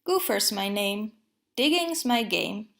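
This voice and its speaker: Cocky little digger gopher guy from a storybook lady reads him, slow and gravelly. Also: medium pitch, expressive, a bit bright, full character voice. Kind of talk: storybook read-aloud.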